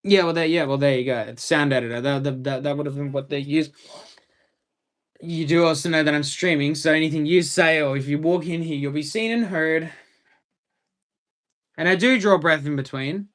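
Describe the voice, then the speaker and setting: A man's voice: on the high side, normal speed, fairly bright tone. A young man with an Australian accent chatting casually on a live stream from a room at home, rambling in enthusiastic fan commentary.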